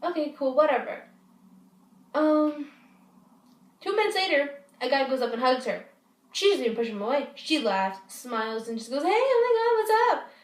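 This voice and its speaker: A woman's voice: high voice, normal speed, pauses often, recorded from a distance. A woman telling a story to her camera in a rambling, profane way, often restarting her sentences. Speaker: vlogger. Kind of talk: casual storytime. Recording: echoey room, voice off-mic.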